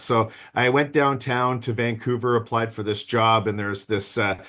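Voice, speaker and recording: A man's voice: medium pitch, steady tone, moderate pace, hardly any pauses, a bit bright. A man in his fifties giving a virtual business planning seminar, chatty and self-deprecating, talking straight to his audience over a video call mic. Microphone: video call microphone.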